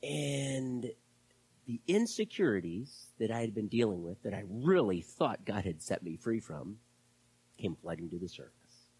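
A man preaching a sermon as pastor, impassioned and then dropping to hushed, whispered prayer. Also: on the low side, big pitch swings, a little slow, breathy edge.

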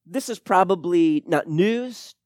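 A man preaching a sermon to his church, dropping to a hush and then building to loud, emphatic points. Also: high voice, expressive, takes it slowly, no echo, clean studio sound. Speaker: pastor.

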